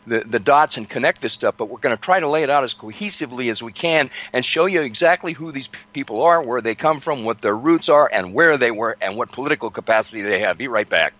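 Emphatic talk show host, bright lively man. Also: mid-range voice. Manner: emphatic, addresses listeners as folks. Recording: muffled lo-fi audio.

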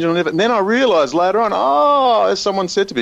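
A man's voice: sits high, big pitch swings, quick pace, hardly any pauses. A man speaking as a guest in an emphatic, rambling conversational style, often slipping into quoted voices. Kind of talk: animated conversational commentary. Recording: muffled lo-fi audio.

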